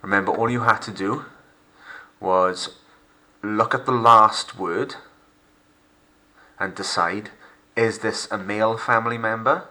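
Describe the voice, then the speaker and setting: A male French teacher narrating a recorded remote lesson, slowing down to model pronunciation for pupils to repeat. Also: fairly low pitch, bright, forceful tone. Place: home recording for lockdown learning.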